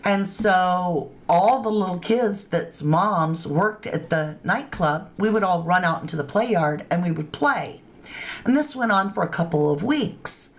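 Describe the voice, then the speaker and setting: A woman's voice: lowish voice, expressive, unhurried. A woman hosting a true crime livestream, chatting informally and talking straight to her viewers. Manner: informal grammar. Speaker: true crime channel host. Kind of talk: casual livestream commentary.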